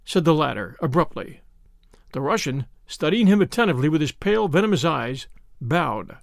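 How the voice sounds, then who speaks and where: Gravelly, lively male audiobook narrator. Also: a little high, brisk, no echo, clean studio sound. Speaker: audiobook host and reader.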